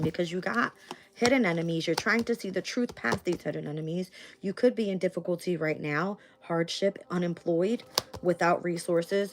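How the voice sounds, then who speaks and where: A woman's voice: lowish voice, slight background noise. A young adult woman, reading tarot on a live stream, blunt and swearing casually. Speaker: tarot reader.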